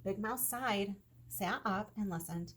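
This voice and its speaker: Husky woman reading a children's story. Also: mid-range voice, slow pace. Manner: gentle, expressive, talks to children. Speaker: kindergarten teacher. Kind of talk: children's story read-aloud.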